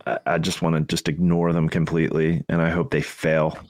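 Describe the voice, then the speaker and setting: Deep voiced guy on a podcast, blunt, joking, kinda dismissive. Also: little pitch movement, fairly quick, darkish tone, no room sound, studio quality. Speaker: podcast co-host. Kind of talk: casual podcast conversation.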